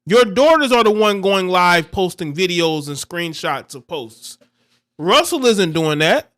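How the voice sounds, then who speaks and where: High, bright-voiced scolding male commentator. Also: animated, a little slow. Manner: blunt, scolding, repetitive. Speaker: livestream commentator. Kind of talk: reaction commentary.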